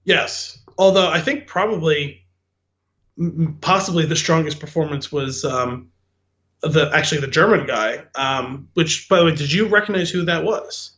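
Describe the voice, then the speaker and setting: A man's voice: a little high, moderate pace, a bit bright, highs cut off. A man co-hosting a podcast in casual movie chat, acting out his own reactions. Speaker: podcast co-host.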